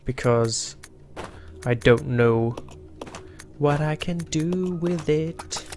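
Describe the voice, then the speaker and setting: A man giving profane, excitable let's play commentary as a gaming channel host, talking back to the characters. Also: a little high, very slow, slight background noise.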